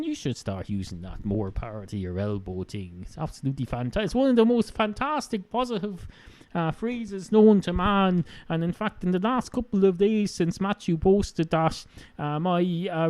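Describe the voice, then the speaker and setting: A man's voice: sits high, big pitch swings, normal speed, darkish tone, no echo. A man with an Irish accent hosting a solo podcast, rambling sardonically with many fillers. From Ireland. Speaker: podcast host.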